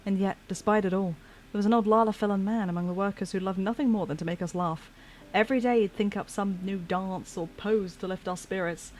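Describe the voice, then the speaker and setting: A woman's voice: medium pitch, fairly even intonation, a little fast, few pauses, a little mellow, a little hiss or hum, close to an everyday voice. A woman reading as a chatty reminiscing workman. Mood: fond. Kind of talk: reading game dialogue aloud.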